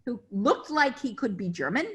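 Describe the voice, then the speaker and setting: A middle-aged woman who works as a casting director recounts industry anecdotes in a relaxed video-call interview. Her fairly high voice has lively intonation at a normal speed, and she's chatty, performing the quoted voices.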